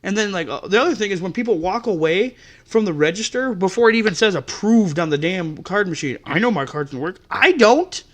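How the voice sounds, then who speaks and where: A man's voice: sits high, lively intonation, brisk. A man hosting a podcast, telling customer-service stories in an exasperated, profane rant. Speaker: podcast host. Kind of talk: ranting storytelling.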